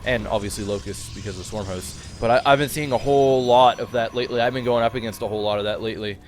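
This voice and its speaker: A man's voice: fairly low pitch, steady tone, fast talker, soft background music. A man co-casting a video game match, laid-back and analytical, breaking down strategies in a casual way. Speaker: game commentator. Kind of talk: casual esports commentary.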